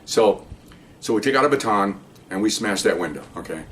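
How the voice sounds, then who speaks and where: Low-leaning and fairly bright, the voice belongs to an older ex-cop who rambles casually through a career story at a fairly quick clip with lively intonation. He keeps restarting sentences and asking "okay?" A faint hiss sits behind the distant mic.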